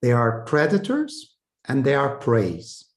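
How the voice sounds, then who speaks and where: A man, giving a relaxed online lesson from his chair. He talks in a conversational way and keeps linking his points with "so" and "okay". His voice sits at an ordinary middle pitch. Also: slow pace. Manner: conversational, with frequent "so" and "okay" checks. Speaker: communication trainer. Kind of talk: online training talk. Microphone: video call setup.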